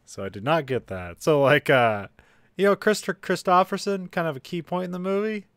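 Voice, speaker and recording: A man co-hosting a podcast, chatting casually about a movie, often halting and laughing. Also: fairly high pitch, fairly bright tone, clear, resonant tone, no room sound, clean studio sound. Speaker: podcast co-host.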